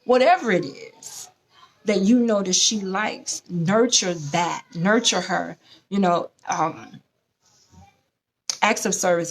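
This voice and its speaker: A woman hosting a relationship advice show, speaking in a lively, preachy way, often acting out other people's lines. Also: medium pitch, slow, pauses often. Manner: animated, preachy, acts out quoted voices. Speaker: host. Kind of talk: casual advice talk show.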